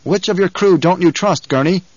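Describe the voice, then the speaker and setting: A man voicing a young male desert war leader who speaks in a calm, measured, authoritative way. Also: high voice, dry recording, highs cut off, pitched above the performer's own voice. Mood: commanding.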